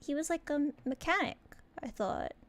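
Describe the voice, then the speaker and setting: A woman's voice: sits high, animated, moderate pace, a bit bright. A woman playing a tabletop role-playing game, answering in character in a hesitant, rambling way. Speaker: player.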